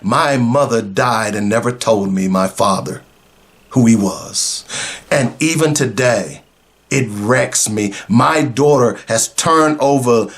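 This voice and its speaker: A man's voice: mid-range voice, fairly bright tone. A middle-aged man, a radio host, telling a personal story in an earnest, emotional way. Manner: emotional, earnest, slow in places.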